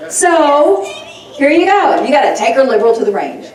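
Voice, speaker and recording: A woman's voice: high-pitched, very animated, moderate pace, darkish tone. A woman giving a folksy, fired-up political rally speech, laughing often as she talks. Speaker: rally speaker. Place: rally crowd event. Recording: echoey sound from far off.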